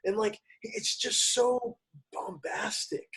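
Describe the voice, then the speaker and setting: A man's voice: extremely high pitch, wildly swooping pitch, takes it slowly, creaky, a bit bright, breathy edge. A man who is a podcast guest, speaking in an emphatic, preachy way and repeating his points. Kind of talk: casual podcast chat.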